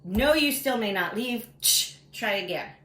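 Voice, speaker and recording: A woman voicing a stubborn, dismissive male Egyptian king in a children's story, with flat, repetitive refusals. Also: a little high, a little slow. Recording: roomy echo.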